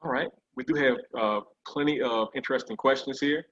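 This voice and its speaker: A man interviewing an author at an online book event, reading out audience questions in a measured, friendly way. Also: mid-range voice, fairly bright tone, highs cut off. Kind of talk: moderating a video-call book event. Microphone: video call.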